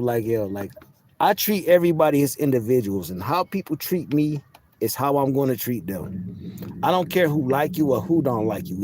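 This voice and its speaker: Guy ranting to his phone cam outside, cussing a lot, kinda high voice, little bit of background noise. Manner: profane, animated, boastful. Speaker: vlogger addressing viewers. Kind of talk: casual ranting monologue to camera.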